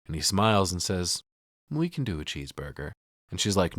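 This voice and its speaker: A man with a fairly low voice recaps a film on a podcast, swearing freely and voicing each character's lines himself. His voice is recorded dry and close to the mic. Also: sing-song, fairly quick, a bit bright, dry recording. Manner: profane, retells scenes acting out lines. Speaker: podcast host. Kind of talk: casual film recap with acted quotes.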